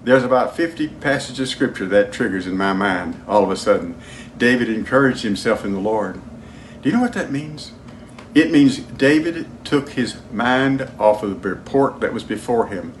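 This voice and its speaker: A man preaching a sermon as pastor, emphatic, moving between loud declarations and hushed lines. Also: medium pitch, animated, normal speed, slight background noise. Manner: sings hymn lines.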